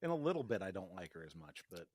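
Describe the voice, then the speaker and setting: A man's voice: low voice, sing-song, fast, a little mellow, no echo, clean studio sound. A man co-hosting a podcast, recapping an episode in casual chat with wry, teasing remarks. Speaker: podcast co-host.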